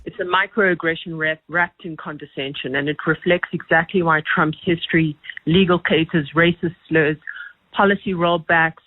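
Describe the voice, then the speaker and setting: A woman's voice: sits low, fairly even intonation, moderate pace, dry recording. Firm woman caller, phone line. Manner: firm, prepared, emphatic points. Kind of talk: radio call-in opinion.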